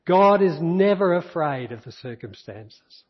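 A man's voice, slightly high and a touch husky, delivers a sermon with earnest repetition. He sounds as if he is in a church hall with a long echo. The recording is dull and muffled. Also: expressive, unhurried. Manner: earnest preaching, reads scripture aloud, repeats key phrases. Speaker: pastor.

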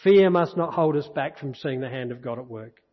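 A man's voice: mid-range voice, animated, normal speed. A male pastor preaching a sermon, earnest and repeating key phrases, recorded in a church. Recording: dull echoey church hall recording.

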